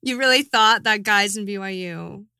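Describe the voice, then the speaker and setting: A woman's voice: mid-range voice, moderate pace, bright, forceful tone, clear, resonant tone, dry recording, studio quality. A woman co-hosting a podcast, asking wry questions in casual chat. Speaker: podcast co-host.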